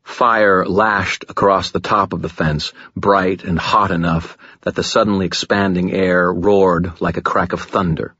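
Male audiobook narrator, deep husky voice, dry close mic, muffled lo-fi sound. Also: a little slow, few pauses, no echo. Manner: gritty, dramatic, low and steady. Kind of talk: first-person audiobook narration.

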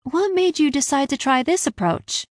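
A woman's voice: fairly high pitch, steady tone, moderate pace, a bit bright, no room sound, clean studio sound, close to an everyday voice. A woman reading a bold teasing young mage girl. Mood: curious. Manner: cheerful, blunt.

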